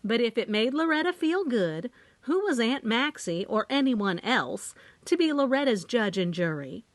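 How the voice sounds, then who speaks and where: A woman reading a first-person audiobook, measured and expressive. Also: a little high, no room sound. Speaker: audiobook narrator. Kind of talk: scripted first-person narration.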